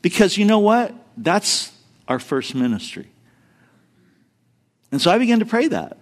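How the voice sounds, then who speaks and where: Middle-aged male pastor, high voice, animated comic sermon storyteller. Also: measured pace. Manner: animated storytelling, acts out quoted voices, addresses the congregation directly. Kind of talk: sermon with humorous stories.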